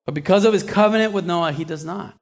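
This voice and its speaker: A man's voice: high-pitched, fast talker, creaky. A man preaching a sermon in a conversational way, asking the listeners questions and acting out small asides, often restarting and repeating words.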